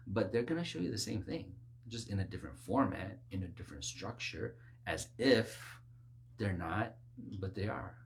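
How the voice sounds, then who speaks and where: Guy preaching hard, goes from quiet low mutters to high urgent calls, kinda mocking. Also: normal speed, gravelly. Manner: animated, jumps from low murmurs to high exclamations; mocking, acts out worldly voices. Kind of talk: preaching sermon.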